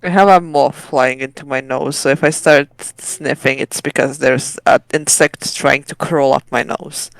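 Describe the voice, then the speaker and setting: A woman playing a tabletop game, talking casually and joking around, quick to laugh. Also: a bass voice, steady tone, creaky, dry recording, rough recording. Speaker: player.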